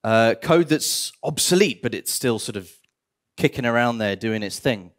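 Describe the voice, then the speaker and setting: A man giving a conference talk on stage, animated, with bursts of theatrical mock despair. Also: mid-range voice, moderate pace. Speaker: conference speaker.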